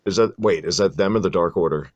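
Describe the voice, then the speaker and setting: Low-voiced, animated, profane male podcaster. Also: fast, no echo, highs cut off. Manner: animated and profane, rattles off names. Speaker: podcast co-host. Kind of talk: casual wrestling review chat.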